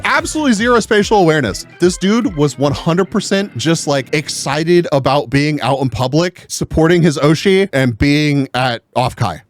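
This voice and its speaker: Animated, swearing man telling a story. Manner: profane and animated, pitch jumping up when exasperated. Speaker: vlogger. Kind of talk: casual storytelling.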